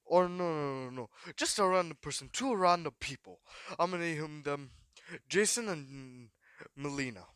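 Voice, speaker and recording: A man rambling through a made-up fan story, hyperactive and swearing constantly. His voice sits slightly high, and the sound is close and dry, with no room echo. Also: expressive, measured pace, a bit bright, smooth. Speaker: YouTube storyteller. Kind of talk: improvised fan-fiction narration.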